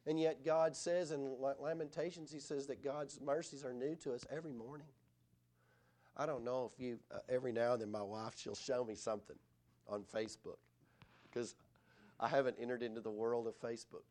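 A man's voice: medium pitch, steady tone, brisk, darkish tone. A middle-aged male pastor preaching a sermon in an earnest, conversational way, often asking the listeners rhetorical questions.

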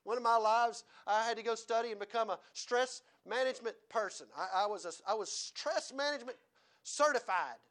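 A male preacher giving a sermon, his pitch and loudness rising and falling widely as he preaches. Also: fairly quick. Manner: animated preaching, pitch and volume swinging widely.

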